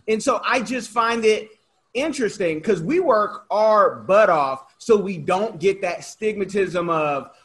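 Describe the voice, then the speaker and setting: Male interview host, high voice, chatty, animated, stumbles and restarts, casual. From Oakland, California. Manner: talkative, animated, frequent restarts. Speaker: podcast host.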